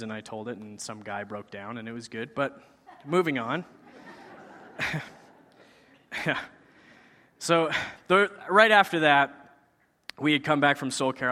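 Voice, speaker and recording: Guy telling his faith story casually, acting out what he said, bright voice, echoey hall. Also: medium pitch. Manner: conversational, acts out his own quoted lines. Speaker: speaker sharing a personal testimony. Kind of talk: casual personal testimony storytelling. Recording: long hall reverb.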